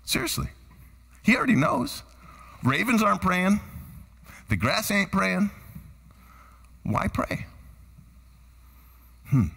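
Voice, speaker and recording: A man preaching a sermon as pastor, quizzing the congregation with lively shouts and then dropping to hushed, earnest tones. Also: high voice, slow pace, gravelly, long pauses, husky, big-room sound. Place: church sanctuary.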